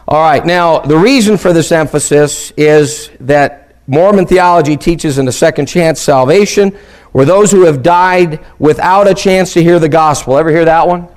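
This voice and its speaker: A man's voice: a little high, darkish tone. A man teaching a Bible lesson on a radio ministry, reading verses aloud and stressing key words. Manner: reads scripture aloud slowly, stressing key words with questions.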